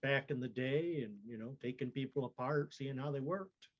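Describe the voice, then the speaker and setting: A man's voice: mid-range voice, moderate pace, lo-fi sound. A man playing a tabletop role-playing game, chatting in a laid-back way. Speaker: player.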